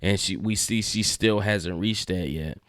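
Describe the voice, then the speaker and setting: Chill guy recapping a show episode, slangy, smooth voice, dry close sound. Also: low-pitched, measured pace, fairly bright tone, no echo. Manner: laid-back and slangy, chuckles while retelling scenes. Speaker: TV show reviewer. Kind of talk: casual recap and review.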